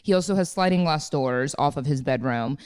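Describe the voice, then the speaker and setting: A woman in her thirties co-hosting a podcast, telling a story in animated casual chat with lots of fillers. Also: deep voice, brisk, clear, resonant tone. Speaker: podcast co-host.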